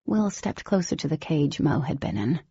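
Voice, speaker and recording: A woman giving scripted first-person audiobook narration in a steady, even storytelling manner. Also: low voice, normal speed, breathy edge, dry recording, highs cut off.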